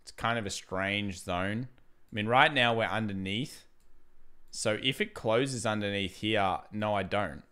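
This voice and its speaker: A man with a fairly low, smooth and resonant voice, hosting live market commentary. He talks casually and laughs easily, thinking out loud and restarting his sentences as he works through viewer questions. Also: unhurried. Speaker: livestream host.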